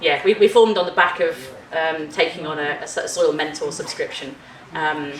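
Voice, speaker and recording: Woman, conference panel chair, lower voice, chatty and laughing, echoey hall, distant mic. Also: steady tone, normal speed, a little hiss or hum. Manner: chatty, laughing, lots of ums. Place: conference room.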